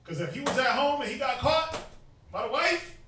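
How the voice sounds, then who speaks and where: A young man street teaching to a group, animated and joking, often mimicking people. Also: extremely high pitch, moderate pace, background noise. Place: outdoors in a city. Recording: very echoey, distant from mic.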